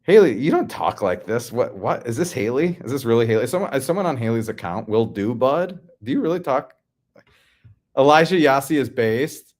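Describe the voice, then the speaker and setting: A man's voice: medium pitch, sing-song, moderate pace, darkish tone. A man from the Midwest hosting a casual livestream, reading out chat comments and answering in a laid-back, slangy way.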